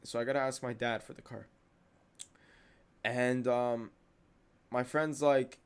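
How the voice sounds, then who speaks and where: A man's voice: medium pitch, steady tone, takes it slowly, long pauses, clean tone. A young man hosting a podcast, venting in a casual monologue, heated and repeating himself. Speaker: podcast host.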